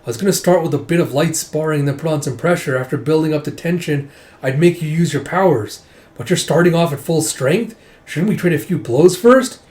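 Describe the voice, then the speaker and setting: A man's voice: a little high, brisk, a little mellow, close to an everyday voice. A man reading a flustered, exasperated general. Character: exasperated male army general.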